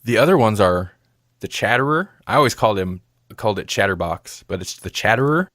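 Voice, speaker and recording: A man's voice: on the low side, animated, a little fast, a bit bright, dry recording, studio quality. A man co-hosting a movie review podcast, chatting casually and rambling, laughing often. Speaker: podcast co-host.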